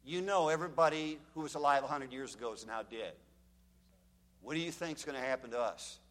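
A man preaching a fire-and-brimstone sermon, telling dramatic stories and shouting out the screams he quotes. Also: medium pitch, fairly quick, long reverb tail.

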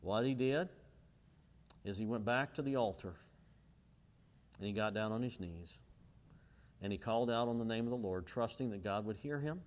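A man's voice: on the low side, normal speed, pauses often. Man preaching with long hall reverb. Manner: emphatic, asks rhetorical fill-in questions. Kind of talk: sermon.

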